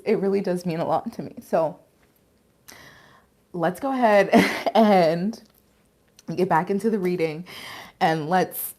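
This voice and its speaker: A woman doing a casual live tarot reading, chatty and candid, with casual swearing and quick giggles. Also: fairly low pitch, darkish tone. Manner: emotional and giggly. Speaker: tarot reader.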